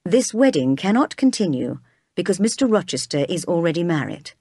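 A woman reads as a calm, formal storybook lawyer who speaks quietly. The sound is dry and close. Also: lowish voice, brisk, husky, dry recording, full character voice.

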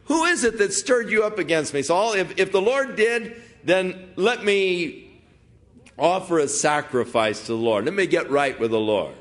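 A man voicing a young male warrior who calls out loudly and pleads, as he reads the scene aloud in a sermon. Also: mid-range voice, animated, a little fast, hardly any pauses, natural voice. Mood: pleading. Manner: loud, pleading, calling out. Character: young male warrior calling out across hills.

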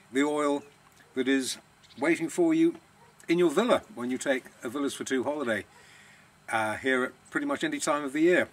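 A man's voice: fairly high pitch, husky. A man, the owner of a villa rental business, chatting casually on a vlog in a self-deprecating, savouring way.

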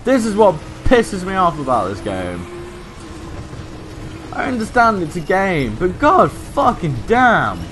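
A man's voice: high voice, huge pitch swings, slow, fairly bright tone, a little hiss or hum. A man commentating a racing game, cursing and venting his frustration in outbursts. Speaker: let's play gamer. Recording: faint game music behind.

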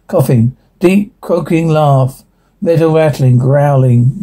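Husky man reading a script aloud. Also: fairly high pitch, steady tone, unhurried, warm tone. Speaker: reader of a drama transcript. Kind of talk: reading a script aloud, including sound cues.

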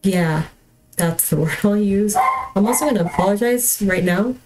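A woman's voice: medium pitch, moderate pace, noisy background. A young woman streaming a video game from home, talking casually with lots of fillers and restarts and often apologizing with a laugh. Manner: rambling, chatty, many fillers and restarts. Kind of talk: casual livestream chat while gaming.

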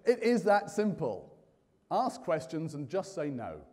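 A man's voice: on the high side, a little slow. Man, conference host, jokey, quizzing the crowd, reverberant hall. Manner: lively, jokey, quizzing the audience. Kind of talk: live conference hosting.

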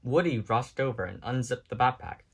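A man narrating a children's storybook with animated, expressive storytelling. His pitch moves freely through each sentence, and his voice carries a slight husky edge at a middling pitch. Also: normal speed. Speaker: storybook reader. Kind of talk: children's storybook read-aloud.

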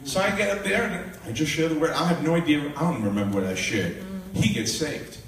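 A man's voice: fairly high pitch, expressive, fairly quick, fairly bright tone. A man in his sixties, a minister, telling his life story with animation, acting out the dialogue and laughing often. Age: 60s. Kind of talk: testimony storytelling. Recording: echoey room, voice from a distance.

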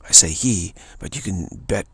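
A man's voice: low-pitched, lively intonation, moderate pace, fairly bright tone, slightly rough, dry recording. A man telling a rambling, indignant story in a casual talk. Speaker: spiritual channel host. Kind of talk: casual spoken anecdote.

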